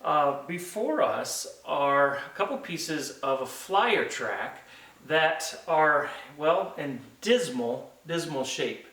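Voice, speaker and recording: A man hosting his own hobby channel, talking through a restoration project in a relaxed, hesitant way with many ums and uhs, recorded in a home workshop. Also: a little high, takes it slowly, rough recording. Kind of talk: casual how-to narration.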